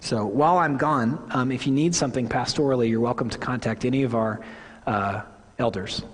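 A man's voice: medium pitch, a little fast, slightly rough. A lead pastor in his forties, giving an earnest, conversational sermon to his congregation and correcting himself as he goes. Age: 40s. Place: church sanctuary. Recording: long hall reverb.

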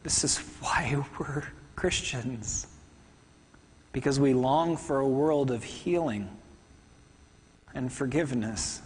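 A man preaching a sermon to a congregation, talking fast and conversationally with asides. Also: medium pitch, darkish tone, long reverb tail. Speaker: pastor. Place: church hall.

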